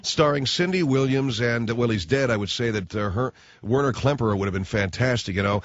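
A man's voice: medium pitch, a little fast, few pauses, no room sound. A man hosting a talk radio show, delivering a brash, blunt and sarcastic monologue into a studio microphone. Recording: dull lo-fi radio broadcast.

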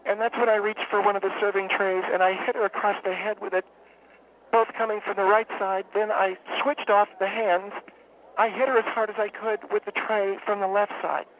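A man playing a rambling, deadpan woman football fan phoning in to a comic radio bit. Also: high voice, pitched above the performer's own voice. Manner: rambling, deadpan, halting with fillers. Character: woman caller, brawling football fan, middle-aged. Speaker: caller. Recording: tinny phone line, faint hiss.

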